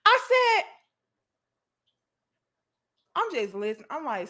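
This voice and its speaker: A woman's voice: sits high, lively intonation, slow, pushed and bright. A woman hosting a livestream, ranting in a profane, emphatic and exasperated way while reading chat comments. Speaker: host.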